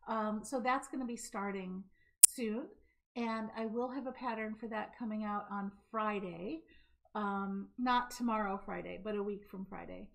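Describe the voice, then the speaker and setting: A woman hosting a live craft show, chatting casually to camera and demonstrating a knitting stitch, talkative and quick to laugh. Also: a little high, gravelly. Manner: chatty, laughing, hyper and fast when excited. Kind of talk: casual live-stream chat and knitting demo. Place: home craft room, speaking to camera. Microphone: camera mic.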